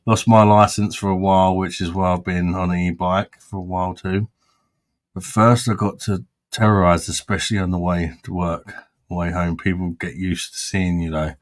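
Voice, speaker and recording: Casual beer reviewer, low-ish, sweary, blunt. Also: male voice, level tone, moderate pace. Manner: blunt, sweary, laughs often. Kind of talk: casual chat.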